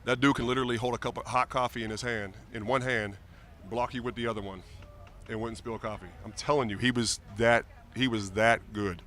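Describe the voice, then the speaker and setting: A man in his forties, a retired football player, telling lively, joking stories as a guest in a casual interview. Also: medium pitch, a little fast.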